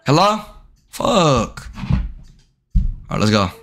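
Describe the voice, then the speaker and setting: A man's voice: on the high side, very animated, slow pace, a bit bright. Brash, cursing young male streamer. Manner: brash, profane, talks straight to chat. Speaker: live streamer. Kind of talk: live stream chat with video-call strangers.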